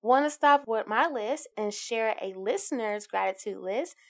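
Woman, twenties, slightly high voice, podcast host, upbeat, encouraging, giggly. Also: moderate pace. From Alabama, US. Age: 20s. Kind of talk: casual solo podcast monologue.

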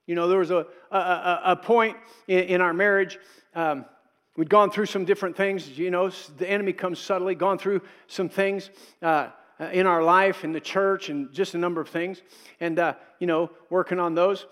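A man's voice: sits high, fairly even intonation, normal speed, fairly bright tone, big-room sound. A middle-aged male pastor preaching a sermon in a conversational way, acting out quotes and adding asides.

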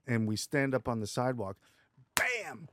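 A man's voice: fairly low pitch, normal speed, vocal fry, slight background noise. A man telling a story as a podcast guest, acting out the people in it as he goes. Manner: animated, acts out quotes in the story. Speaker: guest, stuntman. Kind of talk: casual storytelling.

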